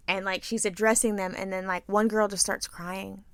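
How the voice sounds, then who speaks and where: A middle-aged woman co-hosting a casual chat, telling a story in an animated, profane way and acting out what people said. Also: medium pitch, moderate pace, hardly any pauses, no room sound. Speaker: podcast co-host.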